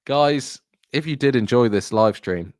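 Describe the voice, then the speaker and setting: A young man streaming a live football watchalong, hoarse after hours of commentary, deflated and halting, repeating himself as he reads the chat. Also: mid-range voice, animated, a little mellow, no echo, studio quality.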